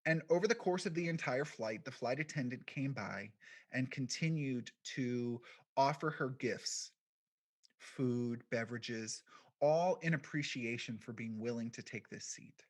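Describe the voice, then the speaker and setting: A man of middle pitch telling his own story as a keynote talk, speaking quietly and reflectively. He leans on deliberate pauses between phrases and lets his sentences trail into short fragments. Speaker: keynote speaker, podcast founder.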